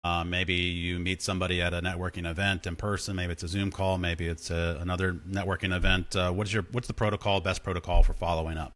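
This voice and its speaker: A man with a low voice hosts a podcast interview and asks his questions slowly and evenly. His delivery stays flat and measured, with the odd filler word. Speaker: podcast host.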